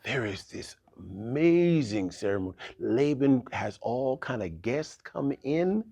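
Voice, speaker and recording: A man telling a story as a casual youth sermon, animated and slangy, repeating phrases for effect, with a husky voice. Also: mid-range voice, takes it slowly. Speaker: youth preacher.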